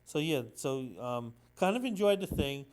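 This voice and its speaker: A man's voice: a little high, lively intonation, moderate pace, darkish tone. A man casually recapping a comic book issue on his own, talking in a rambling, hesitant way with many ums and restarts. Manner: sentimental about the story.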